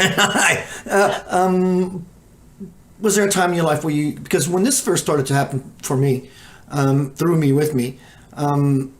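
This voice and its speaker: Chatty man hosting an interview, high voice. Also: a little slow. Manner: chatty, laughing, rambling questions. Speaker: radio show host. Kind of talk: conversational interview.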